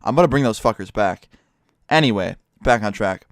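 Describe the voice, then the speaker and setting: A man's voice: fairly low pitch, lively intonation, normal speed, dry recording, studio quality. Profane young man telling a story. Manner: profane, rambling, self-mocking. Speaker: YouTuber. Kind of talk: casual storytelling vlog.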